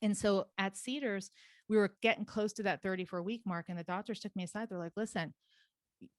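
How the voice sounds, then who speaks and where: Woman, podcast guest, animated fast storyteller, mid-pitched, dry close sound. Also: no room sound. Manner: animated, rapid, laughing storyteller. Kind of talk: casual interview storytelling.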